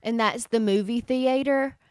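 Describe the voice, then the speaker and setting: A woman in her thirties from the Southern US, her accent softened, speaking emphatically and with strong opinions as podcast co-host. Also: fairly high pitch, measured pace, clear, resonant tone, no echo, studio quality. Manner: emphatic, opinionated, spells words out. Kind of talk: casual chat.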